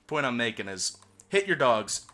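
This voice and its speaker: A young man telling a profane storytime monologue as a vlogger, short of breath and animated, getting loud when worked up. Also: medium pitch, normal speed.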